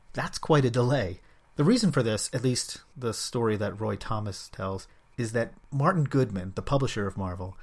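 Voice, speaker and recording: A man hosting a solo comics podcast, talking with a wry, self-mocking humor. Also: lowish voice. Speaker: podcast host.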